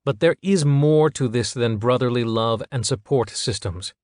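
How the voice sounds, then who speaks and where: A man reading an audiobook, voicing a cold, calculating middle-aged father who speaks in a measured, clinical way. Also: medium pitch, a little mellow, dry recording, studio quality, close to an everyday voice.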